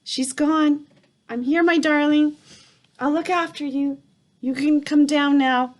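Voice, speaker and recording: A woman's voice: sits high, fairly even intonation, takes it slowly, voice pushed up. A woman voicing a caring, protective elderly grandmother in a storybook reading. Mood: soothing.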